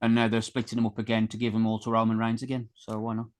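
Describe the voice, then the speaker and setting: A man's voice: on the low side, completely flat delivery, fast talker. A man co-hosting a casual podcast, teasing his co-host while he asks quiz questions and reels off facts. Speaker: co-host and quizmaster.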